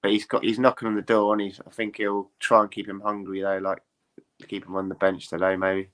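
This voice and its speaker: Fast-talking bright-voiced man. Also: lowish voice. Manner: chatty, animated, quick to opinion. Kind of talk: casual football chat.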